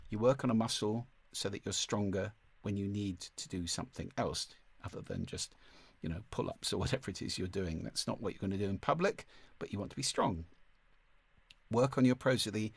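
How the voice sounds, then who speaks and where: A man teaching a masterclass on speaking, with a clear, deliberate delivery and occasional vocal demonstrations. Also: lowish voice, dry recording. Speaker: speaking coach. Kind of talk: online masterclass lesson.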